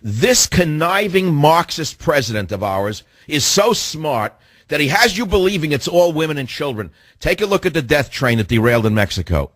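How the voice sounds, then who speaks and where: A man's voice: a little high, sing-song, normal speed, a bit bright, dry recording, studio quality. A middle-aged man hosting a talk radio show, delivering a combative monologue full of rhetorical questions aimed at his listeners.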